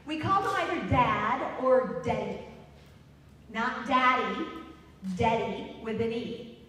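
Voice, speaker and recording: A woman's voice: fairly high pitch, slow, fairly bright tone. A middle-aged woman telling a personal story on stage at a live event. She is chatty and laughs at her own jokes. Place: large hall at a live event. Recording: echoey hall from far off, faint hum.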